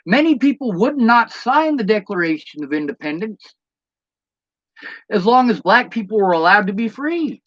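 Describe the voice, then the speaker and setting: A man's voice: high-pitched, very animated, moderate pace, a bit bright, dry recording, highs cut off. A man delivering a blunt, profane rant as a monologue to camera, throwing out rhetorical questions. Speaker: vlogger.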